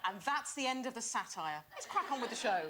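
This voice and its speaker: A woman's voice: on the high side, expressive. A woman co-hosting a chat show, joking and self-mocking with guests and a studio audience. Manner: self-mocking, playful, quick jokes. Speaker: co-host of a daytime chat show. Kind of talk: comic banter and audience chat. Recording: audience and crowd noise behind.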